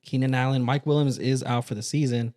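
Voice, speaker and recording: A man's voice: mid-range voice, flat delivery, fairly quick, darkish tone. A man co-hosting a casual sports podcast, ranting emphatically and swearing freely about football teams. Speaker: podcast co-host.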